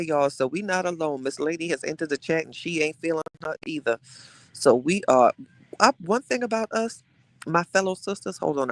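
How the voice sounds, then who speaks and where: A man's voice: fairly high pitch, creaky, dry recording. Chatty, gossipy man hosting a live stream. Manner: animated, gossipy, dramatic, with hushed asides. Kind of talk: casual live-stream chat reading viewer comments.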